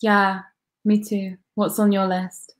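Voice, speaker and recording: A young woman from London with a British accent co-hosting a casual live webinar, relaxed, with brief replies. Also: medium pitch, takes it slowly. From London, England. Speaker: webinar co-host.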